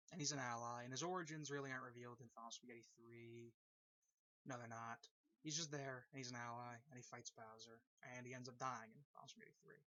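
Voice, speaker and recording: A man's voice: mid-range voice, sharp tone, no echo. A man casually explaining a fan-made story at length, rambling with lots of fillers and repeated phrases. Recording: dull lo-fi recording.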